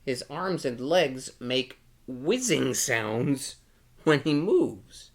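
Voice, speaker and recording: Guy doing kids storytime, slow and lively, a bit of gravel in his voice. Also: mid-range voice. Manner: animated, asks the children questions. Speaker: storytime reader. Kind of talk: reading a picture book to children.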